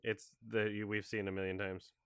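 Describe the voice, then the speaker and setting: A man's voice: lowish voice, little pitch movement, moderate pace, fairly bright tone, clear, resonant tone, no echo, studio quality. A man hosting a casual watch-along, commenting sarcastically and mocking what he sees on screen. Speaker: host.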